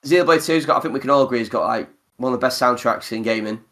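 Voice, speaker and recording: A man hosting a podcast in casual chat, animated and quick to laugh. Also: mid-range voice. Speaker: podcast host.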